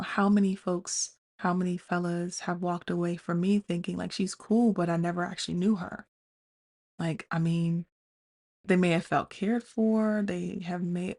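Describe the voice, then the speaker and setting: A woman talks through her own relationships in a candid, self-questioning monologue. Her voice sits low and carries a gravelly fry, and she keeps circling back and restarting her thoughts as she speaks to her listeners. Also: a little mellow. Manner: addresses listeners as "y'all". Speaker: podcast host.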